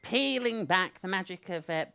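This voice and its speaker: A woman's voice: fairly low pitch, animated, moderate pace, vocal fry, over loud music. A woman hosting a comedy agony-aunt show, arch and theatrical, full of sardonic asides. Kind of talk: camp comic agony-aunt banter.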